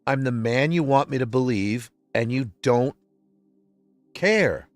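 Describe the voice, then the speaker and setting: A man's voice: mid-range voice, slow, no room sound, soft background music. Upset man venting on a livestream. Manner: impassioned and venting, swinging between quiet and loud. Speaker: livestream host. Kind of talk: emotional personal monologue.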